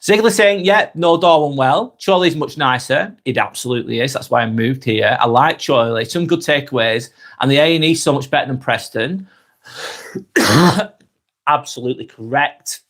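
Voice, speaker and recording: A man in his forties with a Northwest English accent, getting over a cold, reading out viewers' comments and chatting back in a relaxed, friendly way. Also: mid-range voice, moderate pace. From Northwest England. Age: 40s. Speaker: live stream host reading comments. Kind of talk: casual live chat.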